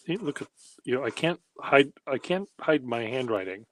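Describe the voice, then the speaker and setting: A man's voice: medium pitch, expressive, normal speed, a bit bright, slight background noise. A man hosting a handwriting workshop, rambling casually in a wry, self-deprecating way while he demonstrates. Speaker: pen workshop host.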